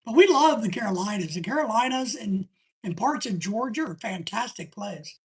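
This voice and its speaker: A woman's voice: mid-range voice, animated, moderate pace, a little mellow, breathy edge. A woman hosting a live stream in casual chat, rambling and chatty as she reads viewer comments aloud.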